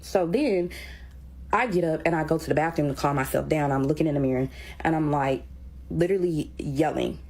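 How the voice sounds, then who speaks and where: A woman's voice: low-pitched, a little fast, a little mellow. A young woman who teaches, dryly retelling an argument in casual storytelling.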